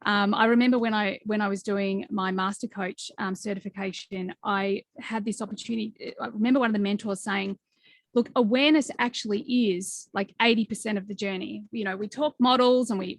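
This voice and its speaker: A woman's voice: mid-range voice, fairly even intonation, a little fast, hardly any pauses, no echo. A woman in her forties hosting a podcast interview, talking in an earnest, reflective way with plenty of fillers. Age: 40s. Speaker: podcast host. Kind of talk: conversational interview.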